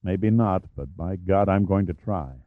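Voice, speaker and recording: A man voicing a stubborn, earnest male salvage leader who talks low and determined. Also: a little slow, dry recording, phone-quality sound.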